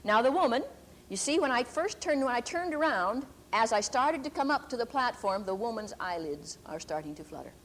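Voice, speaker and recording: Older lady preacher telling a story in a sermon, highish voice, lots of ups and downs, slow and emphatic on key words. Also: expressive, slight background noise. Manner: deliberate, emphatic storyteller who stretches key words slowly. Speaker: preacher and Bible teacher.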